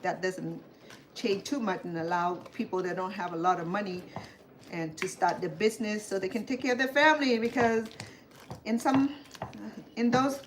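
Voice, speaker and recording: Chatty home-cook host, woman, mid-pitched, rambling asides, pots and pans clattering behind her. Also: steady tone, normal speed, a little hiss or hum. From Cambodia. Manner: chatty, rambling asides with many fillers and restarts. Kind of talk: casual cooking demonstration. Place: home kitchen. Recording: clear kitchen clatter behind the voice. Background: clatter of dishes, pots and pans.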